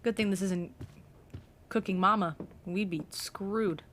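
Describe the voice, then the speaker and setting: A young woman streaming a video game who comments in an excitable, chatty way and talks to her chat. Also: mid-range voice, a little slow, a little hiss or hum. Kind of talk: casual live-stream commentary.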